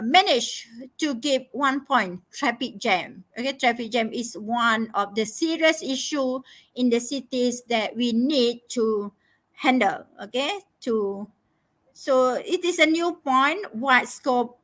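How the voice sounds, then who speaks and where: A woman's voice: a little high, unhurried, a bit bright. A woman tutoring a live online lesson, emphatic and instructive, repeating key phrases and checking in with "okay?". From Malaysia. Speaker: English tutor.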